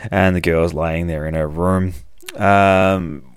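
A man's voice: low voice, steady tone, slow pace, clear, resonant tone, dry recording, studio quality. A man hosting a podcast, casually recapping a comic book in a rambling, profane way, with lots of fillers. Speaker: podcast host.

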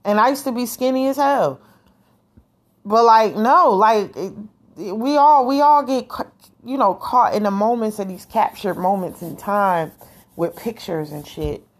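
A woman's voice: medium pitch, unhurried. A woman talking frankly to her viewers in a casual vlog, slangy and profane, rambling and laughing often. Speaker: vlogger.

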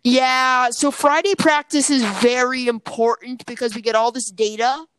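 Woman impersonating a racing driver, loud, mic right against the mouth, highish voice. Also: steady tone, brisk, noisy background, lightly acted. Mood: mock-earnest. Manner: loud, mic held very close.

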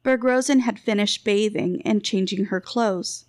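A woman narrating a fantasy novel chapter in an even, steady storytelling manner. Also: mid-range voice, unhurried, no echo, faint music behind. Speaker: audiobook narrator.

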